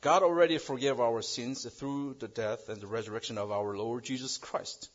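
Halting male preacher, dull lo-fi sound. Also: fairly even intonation. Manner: halting, restarts phrases, rises in pitch and volume on key words. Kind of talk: sermon with an illustrative story. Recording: dull lo-fi recording.

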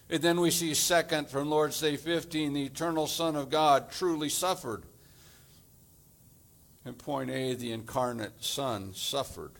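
A man preaching a sermon as pastor, deliberate and measured, delivering his points in short phrases. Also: on the high side, creaky, fairly bright tone.

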